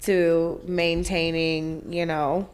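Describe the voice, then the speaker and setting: A woman's voice: lowish voice, little pitch movement, extremely slow. Frank, emphatic woman co-host. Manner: frank and emphatic, says "baby". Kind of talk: casual chat.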